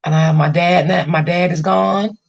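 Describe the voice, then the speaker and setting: A woman's voice: on the low side, fairly even intonation, moderate pace, gravelly, muffled recording. A woman hosting a casual livestream, venting about family and reassuring her chat viewers, often repeating herself. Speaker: livestream host.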